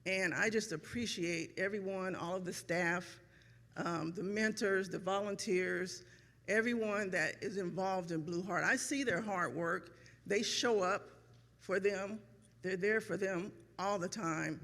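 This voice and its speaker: A middle-aged woman giving an emotional, grateful speech as a parent at a ceremony, with many pauses and ums. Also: medium pitch, a bit bright, big-room sound. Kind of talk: heartfelt speech. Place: event hall.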